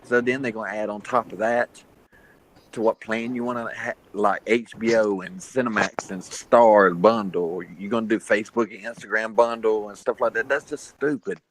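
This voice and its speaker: A man's voice: lowish voice, steady tone, moderate pace, a little hiss or hum, low-quality recording. A man in a casual podcast chat, talking earnestly and ranting a little. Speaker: podcast co-host.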